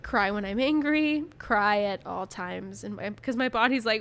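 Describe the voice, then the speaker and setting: A woman's voice: medium pitch, a little slow, few pauses, a bit bright, clean tone. A young woman co-hosting a podcast in casual chat, talkative and laughing often as she acts out her own inner voice. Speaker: podcast co-host.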